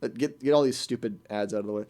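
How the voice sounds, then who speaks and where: Man, radio host, quick speech, incredulous ranting, comedic chat. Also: medium pitch, dark tone. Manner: fast, incredulous, mocking ranting.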